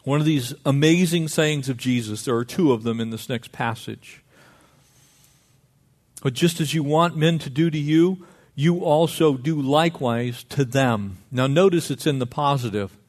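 A middle-aged man preaching a sermon, lively and conversational, acting out little dialogues. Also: medium pitch, unhurried. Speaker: pastor.

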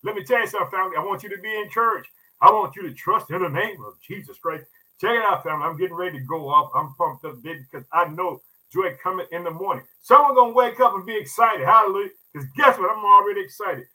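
Man, preacher, podcast sermon, high voice, fervent, folksy, repetitive. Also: quick pace, bright, forceful tone, slightly rough, rough recording. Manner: fervent, repetitive, calls listeners "family"; casual, folksy speech.

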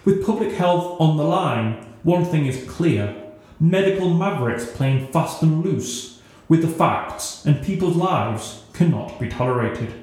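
A man narrating a scripted story in a steady, newsreader-like reading, in a very echoey room. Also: fairly high pitch, measured pace.

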